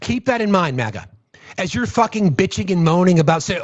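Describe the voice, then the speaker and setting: A man's voice: high voice, very animated, a little fast. Furious profane male commentator. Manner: profane, heated and shouting out. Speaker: political commentary host. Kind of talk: angry ranting commentary. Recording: dull lo-fi audio.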